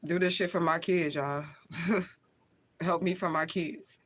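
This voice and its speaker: A woman's voice: lowish voice, fairly even intonation, slow. Emotional, profane woman livestreaming. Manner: emotional, blunt and profane, with frequent laughs. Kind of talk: casual livestream talk to camera.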